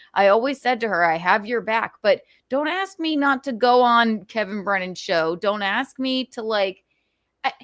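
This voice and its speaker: A woman's voice: a little high, fairly bright tone, dry recording, studio quality. A woman hosting a casual livestream, talking animatedly with frequent laughs and restarts. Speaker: livestream host.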